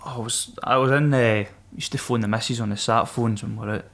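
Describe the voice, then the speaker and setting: Scottish ex-Marine guest, mid-pitched, rowdy storyteller who swears and laughs a lot. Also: male voice, fairly even intonation, a little fast, fairly bright tone. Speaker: podcast guest, former Royal Marine. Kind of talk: casual storytelling.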